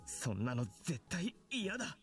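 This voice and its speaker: An earnest young man in a visual novel, anxious and protective. His voice sits high and swings widely, and he talks fast. Faint music plays behind. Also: sing-song, a bit bright, breathy edge, no echo, exaggerated voice. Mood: worried. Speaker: game character. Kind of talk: Japanese visual novel voice acting.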